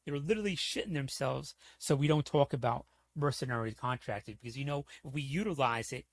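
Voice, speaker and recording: Speaking briskly in a mid-range voice, a streamer goes on a heated, rambling, profanity-laced rant, frequently tossing in "you know what I'm saying." The recording is dry.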